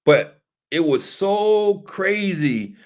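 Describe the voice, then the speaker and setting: A man's voice: high-pitched, lively intonation, drawn-out words. A man hosting casual political commentary, talking directly to a live audience and answering viewers. He is emphatic and repeats his points like a sermon. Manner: emphatic and repetitive, preachy. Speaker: talk show host.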